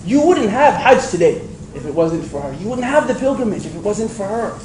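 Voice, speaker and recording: A man giving a storytelling religious lecture to an audience, animated and acting out the voices he quotes. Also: high-pitched, fairly quick. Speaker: preacher. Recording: echoey hall with faint ambient noise.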